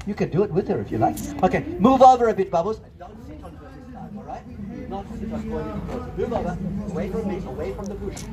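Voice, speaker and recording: High-voiced showman bossing kids around. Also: a little mellow. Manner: bossy, theatrical showman banter. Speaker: children's entertainer. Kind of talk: comic audience-participation patter. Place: outdoor festival stage.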